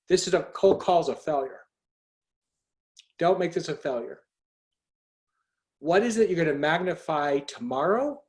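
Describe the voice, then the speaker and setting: A man hosting a motivational group call, earnest and urging, putting direct questions to his listeners. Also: a little high. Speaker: host. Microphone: video call.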